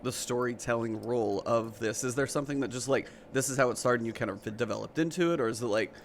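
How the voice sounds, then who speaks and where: A man's voice: medium pitch, fast talker, a little hiss or hum. A man co-hosting a gaming podcast who asks rambling questions and laughs easily. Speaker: podcast co-host. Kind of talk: casual podcast interview.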